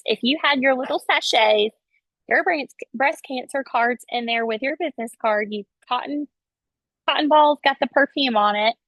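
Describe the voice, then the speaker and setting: Chatty woman on a webcam call, kinda high voice, dull lo-fi sound. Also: dry recording. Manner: chatty, animated, enthusiastic. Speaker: sales team leader hosting a video call. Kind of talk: casual coaching on a video call. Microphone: video call, webcam. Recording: dull lo-fi call audio, dry.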